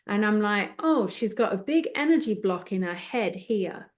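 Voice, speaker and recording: A middle-aged woman talking as an interview guest, her voice sitting in a middle register. She tells her stories with a lively, storytelling flow and plays both sides of each conversation as she recounts it. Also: medium pitch, normal speed. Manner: animated anecdotes, acting out both sides of the dialogue. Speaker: psychic medium guest.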